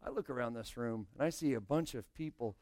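A man's voice: mid-range voice, a little fast, darkish tone, dry recording, studio quality. A male pastor preaching a sermon, explaining scripture and speaking directly to his congregation.

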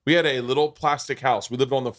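A middle-aged man hosting a podcast, telling stories in a lively casual way, acting out quotes and swearing. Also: medium pitch, fast talker. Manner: animated storyteller, swears, acts out quotes. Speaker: podcast host. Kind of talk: casual storytelling chat.

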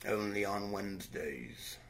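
Man doing a deep deadpan gloomy writer. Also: a little slow, creaky. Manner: low, deadpan, mock-serious drawl. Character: gloomy bearded male comic writer, droll, menacing. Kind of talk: comedy sketch impression.

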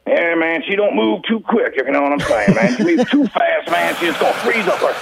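A man's voice: high-pitched, expressive, brisk, a crowd in the background, exaggerated voice, poor audio. A man playing a brash, crude good-ol'-boy character with a drawl, ending nearly every line with "man". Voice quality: gravelly drawl, ends lines with "man". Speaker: radio show character. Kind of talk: comedy character bit.

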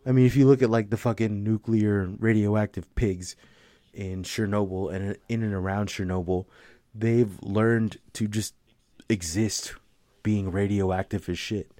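Young man, low voice, dry close sound, rambling, swears a lot, laughs often. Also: fairly even intonation, unhurried, warm tone, no room sound. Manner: profane, rambling, laughs often, filler-heavy. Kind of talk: casual rambling chat.

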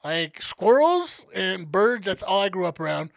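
Gravelly, animated man telling a story. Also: high voice, measured pace, no echo. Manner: profane, animated storyteller acting out family members. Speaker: podcast co-host. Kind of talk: casual storytelling.

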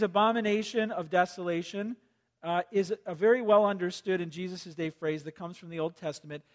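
A man preaching a sermon as pastor, animated and lively, asking the audience to take notes. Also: sits high, big-room sound. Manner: animated, acts out quoted voices, asks the audience to take notes.

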